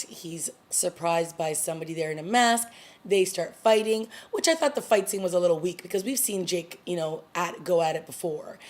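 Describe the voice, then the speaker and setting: A woman casually recapping a TV episode in a video review, talking expressively and acting out the characters' lines. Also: lowish voice. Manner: animated, acts out characters' lines. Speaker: TV review vlogger.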